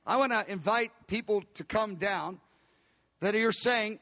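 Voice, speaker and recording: A man preaching a sermon with emphatic, repeated declarations, slowing down to stress key words. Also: high voice, bright, forceful tone, in a large hall.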